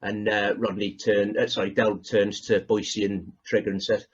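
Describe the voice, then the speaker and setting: A man's voice: lowish voice, flat delivery, moderate pace, hardly any pauses, slightly rough, muffled recording. A man hosting a podcast, chatting casually as he retells favourite comedy scenes, with fillers and self-corrections. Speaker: podcast host.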